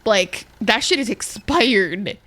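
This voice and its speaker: A woman's voice: mid-range voice, expressive, takes it slowly, fairly bright tone. A woman streamer chatting casually and swearing a lot while playing a game and talking to her chat. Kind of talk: casual gaming livestream chat.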